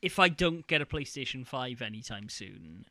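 Male podcast co-host, bright and forceful, lively, recorded dry. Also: mid-range voice, dry recording. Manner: animated, quick to jump in. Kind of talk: casual chat.

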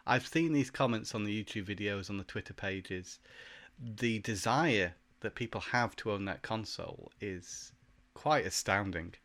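Low-voiced hesitant man on a podcast. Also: measured pace, fairly bright tone. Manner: thoughtful, hesitant with many fillers. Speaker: podcast co-host. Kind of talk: casual chat.

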